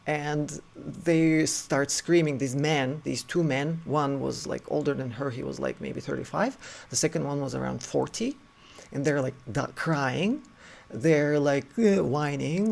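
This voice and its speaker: Gravelly man telling a story casually. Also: fairly high pitch, a little slow. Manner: filler-heavy, acts out quotes. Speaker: storyteller host.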